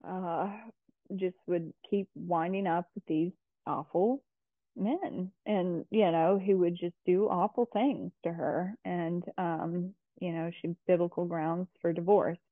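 A woman's voice: fairly low pitch, steady tone, takes it slowly, no room sound. A woman guest in a casual interview, chatty and full of fillers and restarts. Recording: tinny phone-like line.

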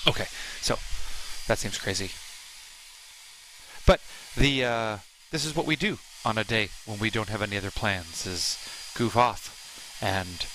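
A man's voice: mid-range voice, sharp tone, a little hiss or hum, rough recording. A man co-hosting a live stream, chatting casually with playful, rambling asides. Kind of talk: casual chat.

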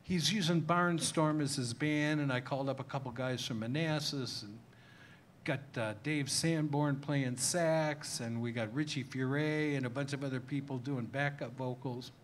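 A man's voice: mid-range voice, normal speed, a little hiss or hum. An older man from Cleveland, Ohio, telling self-mocking, name-dropping stories about his own memoir at a live tavern talk. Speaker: memoir author, guest. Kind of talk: anecdotal storytelling at a live talk.

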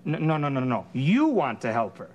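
A man's voice: high voice, big pitch swings, a little fast, muffled recording. A man playing a flustered middle-aged sitcom father who stammers and sounds exasperated. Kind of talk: 1980s sitcom acting. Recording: hissy old TV recording.

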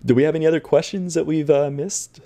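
A man's voice: fairly high pitch, steady tone, fast, dark tone. A man co-hosting a casual chat, laid-back and encouraging. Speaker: co-host.

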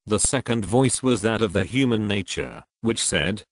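A man reading a religious text aloud in a measured, solemn way. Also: lowish voice, dry recording, studio quality. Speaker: reader. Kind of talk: audiobook narration.

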